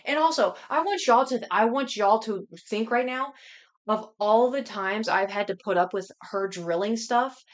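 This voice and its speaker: Woman streamer, casual storytelling, rambling, animated, rushed and breathless. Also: fairly high pitch. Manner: rambling, animated anecdote with many restarts; talks fast, says she needs to catch her breath. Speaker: livestreamer.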